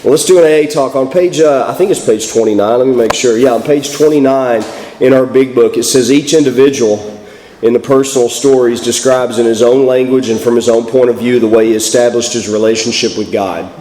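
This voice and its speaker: Texan man, hoarse from a cold, speaker at a recovery meeting; casual and self-deprecating; roomy reverberant hall. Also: medium pitch, a little fast, dark tone, a little hiss or hum. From Texas. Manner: folksy, self-deprecating, joking. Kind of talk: personal recovery talk. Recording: echoey hall.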